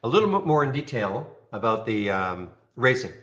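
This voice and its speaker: A man casually walking viewers through trading software on a screen share, rambling and checking in with "okay?". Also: mid-range voice, very animated, normal speed, muffled recording. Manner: rambling, frequent restarts and "okay?" check-ins.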